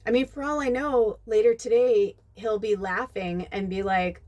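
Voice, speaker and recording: A woman hosting a podcast, talking in a rambling casual monologue full of "like" and "you know", turning animated when she retells scenes. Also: mid-range voice, normal speed, few pauses. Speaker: podcast host.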